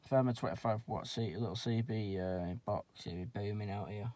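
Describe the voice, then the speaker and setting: Slangy radio hobbyist. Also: male voice, on the low side, moderate pace. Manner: slangy, uses radio jargon, talks loudly when keying up. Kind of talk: casual radio chat with commentary. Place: outdoors on a wooded hill. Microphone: handheld radio and camera mic.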